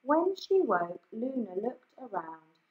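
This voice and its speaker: A woman reading a children's picture book aloud, slow and expressive. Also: on the high side, narrow, tinny audio. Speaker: story reader. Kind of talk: children's story read-aloud. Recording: echoey room.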